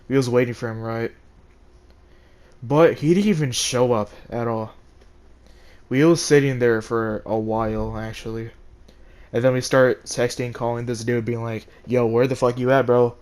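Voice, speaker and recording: A man's voice: medium pitch, darkish tone, clean tone. A teenage boy recounting a story-time tale for his channel. He rambles along with constant fillers and plenty of swearing, in a casual vlog manner. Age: teens. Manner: rambling, profane, full of likes and rights. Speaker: vlogger telling a story.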